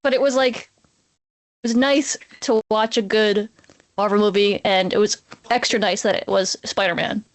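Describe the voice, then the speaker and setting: A woman's voice: mid-range voice, fairly even intonation, normal speed. A young woman co-hosting a podcast, chatting in an emotive, gushing way and often saying "like". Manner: emotive, gushing, says "like" a lot. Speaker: podcast co-host. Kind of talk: casual chat.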